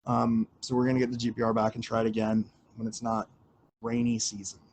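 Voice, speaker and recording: A man's voice: mid-range voice, completely flat delivery, brisk, a little mellow, slight background noise. A man hosting a casual livestream Q&A, rambling with lots of fillers and offhand swearing. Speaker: livestream host answering questions.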